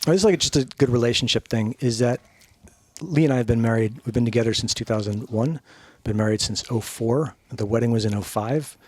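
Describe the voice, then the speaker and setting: A man's voice: medium pitch, fairly quick, breathy edge, no echo. Profane storytelling man, dry sound. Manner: animated, profane, acts out quoted people. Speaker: podcast guest.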